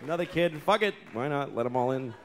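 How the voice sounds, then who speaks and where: A man's voice: mid-range voice, expressive, fast talker. A man in his thirties performing a stand-up comedy set on a club stage, telling exasperated, profane stories and acting out the people in them. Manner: profane, exasperated storytelling with acted-out quotes. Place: comedy club stage before a live audience. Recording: live club recording with crowd and faint noise. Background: audience laughter.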